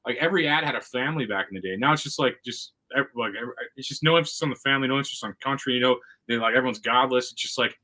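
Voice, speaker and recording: Fast, bright-voiced blunt man. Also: mid-range voice, rough recording. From United States. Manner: blunt, mocking, full of "I mean" and "like". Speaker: podcast host. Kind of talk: casual podcast chat.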